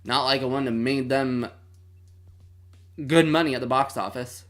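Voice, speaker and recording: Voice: mid-range voice, steady tone, measured pace, pauses often, soft background music. A streamer in their twenties hosting a movie watch-along, chatting casually and dramatically with mock outrage. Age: 20s. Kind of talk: casual livestream chat.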